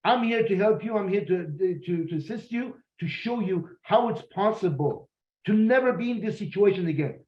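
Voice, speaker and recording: A man's voice: sits high, lively intonation, normal speed, reverberant, highs cut off. A man speaking as a business recruiter and mentor in a motivational talk, blunt and direct, often repeating himself.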